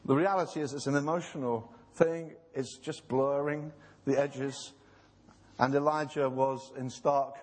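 A man preaching a sermon. He talks earnestly, acts out the voices he quotes, and slows down to stress his points. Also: medium pitch. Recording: long hall reverb.

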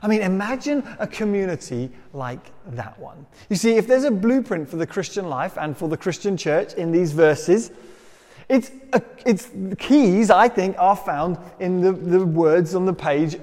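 Male preacher, fairly high voice, chatty self-deprecating sermon delivery, long hall echo. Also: animated, measured pace, darkish tone. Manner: conversational, self-deprecating storytelling.

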